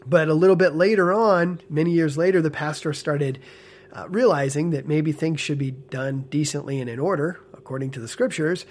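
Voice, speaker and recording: A man in casual spoken commentary, animated and earnest with a smile in his voice, often checking in with "okay?" and "right?". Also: fairly high pitch, moderate pace. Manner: animated, frequent tag questions like "okay?" and "right?"; talks with a smile, amused and earnest. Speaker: ex-church member commentator.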